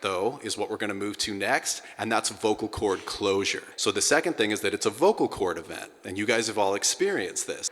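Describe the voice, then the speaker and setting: A middle-aged man teaching a singing class, energetic and breaking into sung sounds to demonstrate. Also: on the low side. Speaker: vocal coach. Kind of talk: singing lesson to a group. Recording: hall with long reverb.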